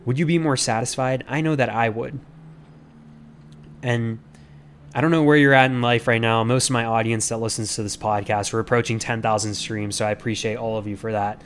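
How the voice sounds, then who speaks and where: An earnest man in the middle pitch range, reflecting aloud on his podcast. He rambles and restarts in a casual monologue that is full of fillers. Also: fairly even intonation, brisk, fairly bright tone, a little hiss or hum. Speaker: podcast host.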